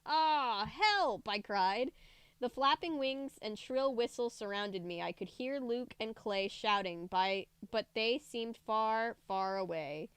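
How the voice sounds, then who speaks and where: A woman's voice: fairly high pitch, measured pace, hardly any pauses, a bit bright, clean tone, no echo. A woman reading a book aloud on a livestream, breaking off for chatty, joking asides. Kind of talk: casual read-aloud livestream.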